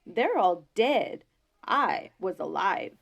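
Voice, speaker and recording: A woman voicing a fearless young country woman, brisk and matter-of-fact. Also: medium pitch, sing-song, creaky, heavily acted. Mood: unbothered.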